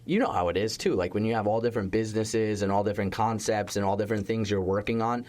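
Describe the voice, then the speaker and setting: Animated, low-voiced man telling chef stories. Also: quick pace. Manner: animated storytelling, heavy use of "like", occasional swearing. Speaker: chef and restaurateur guest. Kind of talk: casual interview chat.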